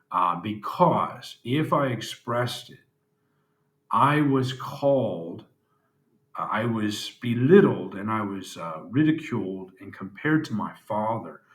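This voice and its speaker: A man with a fairly low voice talks plainly into the camera in a personal video diary. He is halting and reflective, often pausing with fillers. The room around him gives the recording a noticeable echo. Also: a bit bright. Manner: candid, plain-spoken. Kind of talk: personal confessional vlog. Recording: roomy echo.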